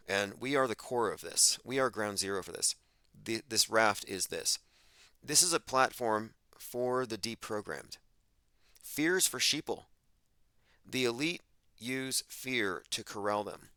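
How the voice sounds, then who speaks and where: A man's voice: mid-range voice, lively intonation, measured pace, pushed and bright, smooth, no echo. A man hosting a podcast, delivering an emphatic, sardonic monologue and mocking the voices of the people he quotes. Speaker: podcast host. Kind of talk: monologue commentary.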